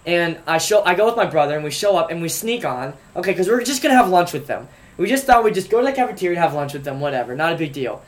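A man's voice: fairly high pitch, quick pace, hardly any pauses. A man co-hosting a casual talk show, telling stories and reading out odd lawsuits in a joking way. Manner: animated, joking storyteller. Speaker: podcast co-host. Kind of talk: casual storytelling chat.

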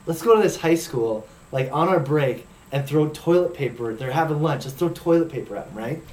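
A man's voice: a little high, expressive, brisk, darkish tone, roomy sound. A man co-hosting a casual talk show, telling a rambling, laid-back anecdote. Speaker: podcast co-host. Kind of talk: casual storytelling chat.

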